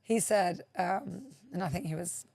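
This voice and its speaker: A woman hosts a podcast interview in a slightly low voice, captured dry and close with no room echo. She muses thoughtfully and keeps her guest going with soft murmurs of agreement. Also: animated, measured pace, creaky. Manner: thoughtful, musing, many soft "mm-hmm" prompts. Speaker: podcast host. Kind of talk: conversational interview.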